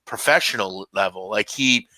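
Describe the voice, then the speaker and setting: A man's voice: fairly low pitch, normal speed, sharp tone, no echo. A man hosting a casual sports betting show, talking loosely with lots of fillers.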